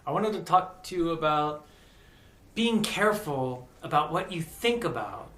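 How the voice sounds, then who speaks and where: An American man telling a personal story in a casual, animated way, acting out the voices of the people he quotes. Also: a little high, a little slow. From United States. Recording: echoey room.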